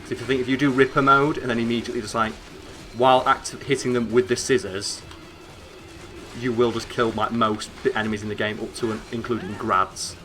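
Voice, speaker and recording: A young man with a northern English accent, chatting excitably and swearing as he streams a game, rambling with lots of fillers. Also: medium pitch, a little fast, faint music behind. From northern England. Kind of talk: casual gameplay commentary.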